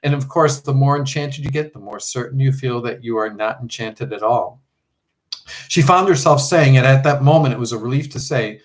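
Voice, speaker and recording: Man reading a children's fantasy aloud, mid-pitched, measured. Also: low-quality recording. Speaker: audiobook reader. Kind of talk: storybook narration.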